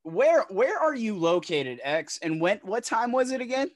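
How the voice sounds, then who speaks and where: A man's voice: sits high, very animated, moderate pace. A man co-hosting a podcast, cutting in with incredulous, teasing questions. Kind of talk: casual podcast chat.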